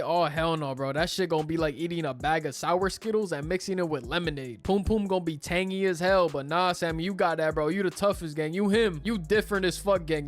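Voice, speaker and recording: A man narrating a crude, joking movie recap in slangy, irreverent storytelling. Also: high-pitched.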